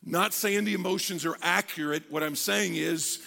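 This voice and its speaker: A middle-aged pastor preaches with lively, conversational energy, often slipping into the voices of people praying. His voice sits high and bright, with heavy gravel and fry. The sound carries the long reverb of a large hall. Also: moderate pace. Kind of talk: sermon.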